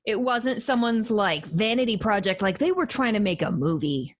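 A woman co-hosting a casual movie review chat, dry and quick-witted. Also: mid-range voice, sing-song. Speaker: podcast co-host.

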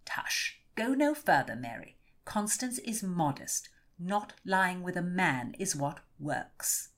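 A woman's voice: lowish voice, animated, slow, a bit bright, voice pushed up, heavily acted. A woman playing a stern, prim married lady. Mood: scolding. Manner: scolding, curt.

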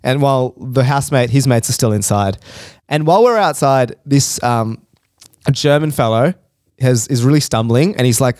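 A young man, a podcast co-host telling an animated story in casual chat and laughing often. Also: medium pitch, normal speed, dry recording, studio quality.

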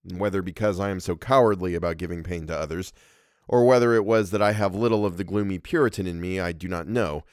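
Male narrator, lowish voice, dry close sound, measured expressive storytelling. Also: dry recording. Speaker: podcast host and narrator. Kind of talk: reading a horror story aloud.

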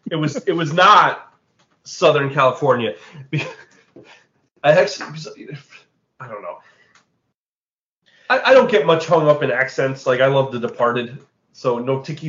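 A man's voice: mid-range voice, a bit bright, echoey room, dull audio. A man co-hosting a casual movie-review chat, joking wryly and swearing now and then. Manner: wry, swearing, quick jokes. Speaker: podcast co-host.

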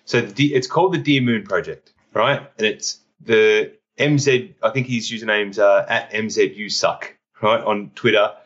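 A man with an Australian accent, a podcast host telling stories in animated casual chat, laughing often. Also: lowish voice, moderate pace, hardly any pauses. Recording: dull lo-fi sound.

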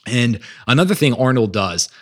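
A man's voice: mid-range voice, sing-song, normal speed, fairly bright tone, slightly rough. A man hosting a podcast, talking with energy and emphasis about growth mindset and reading quotes aloud. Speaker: podcast host. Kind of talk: motivational monologue.

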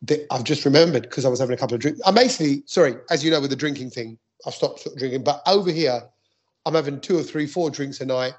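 A man, a stand-up comic co-hosting a podcast, telling an anecdote in a lively, animated way. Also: medium pitch, fast talker, dull audio. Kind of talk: casual chat storytelling.

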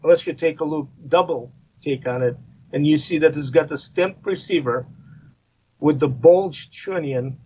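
A man's voice: fairly high pitch, moderate pace, darkish tone. A man explains things in a loose, rambling way, stopping often to restart his sentences. His voice comes over a slightly dull, muffled line with a faint hiss behind it. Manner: rambling, with many fillers and restarts. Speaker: guest firearms expert. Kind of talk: casual podcast discussion.

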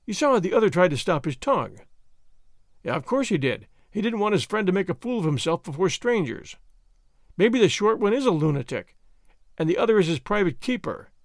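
A man reading aloud, voicing a calm, imperturbable gentleman who brushes off his friend with testy scorn. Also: high-pitched, fairly quick, no room sound, clean studio sound. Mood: dismissive. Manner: dismissive, testy.

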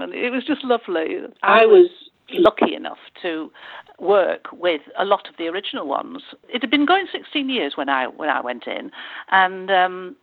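An older woman reminisces about her acting days, halting often and restarting with an amused lilt. Her voice sits low and a little husky. It comes through a dry, tinny phone-like line. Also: no room sound. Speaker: guest, former actress. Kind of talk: reminiscing interview.

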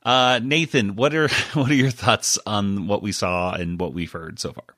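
A man hosts a podcast in a casual, rambling chat, laughing often and cutting himself off mid-sentence. His voice is lowish and fairly bright at a moderate pace, captured in a dry, clean studio recording.

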